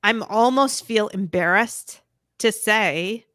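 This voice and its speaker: A woman's voice: mid-range voice, slow pace, fairly bright tone, no room sound, studio quality. A woman hosting a podcast in casual chat, talking candidly and a little hesitantly. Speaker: podcast host.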